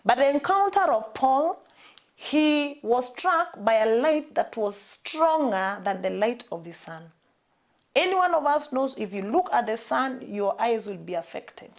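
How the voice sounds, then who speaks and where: A woman's voice: fairly high pitch, lively intonation, measured pace. Emphatic Kenyan woman preaching a sermon. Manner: emphatic, repeats key phrases.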